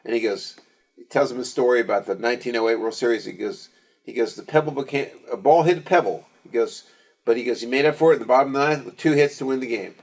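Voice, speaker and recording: A man's voice: mid-range voice, fast talker. A man co-hosting a podcast, animatedly retelling scenes from a movie. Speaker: podcast co-host. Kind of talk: casual chat about movies.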